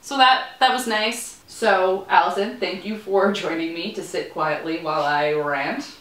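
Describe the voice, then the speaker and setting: A woman's voice: on the low side, a little slow, fairly bright tone, reverberant. A young woman chatting casually as she recaps a TV episode, rambling with playful asides. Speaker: vlogger. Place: room in a student building.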